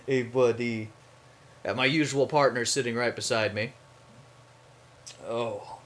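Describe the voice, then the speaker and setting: A man's voice: mid-range voice, fairly even intonation, slow, pauses often. A man hosting a gaming video, casually commenting, reading on-screen text aloud and joking as he plays. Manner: playful, reads game text aloud, jokes. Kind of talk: casual let's-play commentary.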